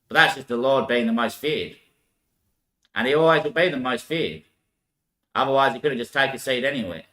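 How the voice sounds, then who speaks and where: A man's voice: medium pitch, brisk, a bit bright. Rambling man in an echoey room. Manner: rambling, laughs often, swears. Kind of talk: rambling monologue.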